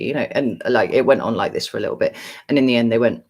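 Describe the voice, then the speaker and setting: A woman's voice: very deep voice, animated, fast, darkish tone, low-quality recording. A woman in her forties, chatting casually on a livestream and telling a long story in a frank, sweary, rambling way with lots of fillers. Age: 40s. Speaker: tarot reader livestreaming to a chat.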